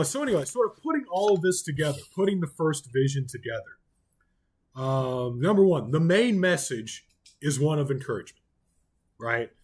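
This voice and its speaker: This Bible study teacher has an Oklahoma accent and a fairly high, slightly rough voice. He keeps things relaxed and chatty, filling his talk with ums and you-knows.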